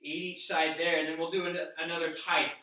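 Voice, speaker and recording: A man talks through a workout as he demonstrates each move, explaining it step by step. His voice is bright and fairly high, and it sits back from the mic in a very echoey room. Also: level tone, fairly quick, distant mic. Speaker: fitness instructor. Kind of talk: instructional workout demo.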